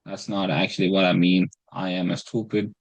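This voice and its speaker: This man's voice sits low and creaky, with little pitch movement and normal speed, on a rough recording without echo. He rambles through a casual screen-recorded breakdown of his weekly trades, mocking himself, cursing, and restarting his phrases.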